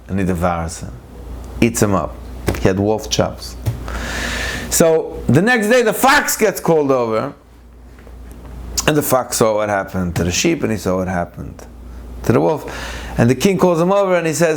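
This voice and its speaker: Brief: male Torah teacher, mid-pitched voice, chatty lesson, dramatic rises and slowdowns as he tells a fable. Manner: animated, conversational, many asides. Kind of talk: storytelling weekly Torah class.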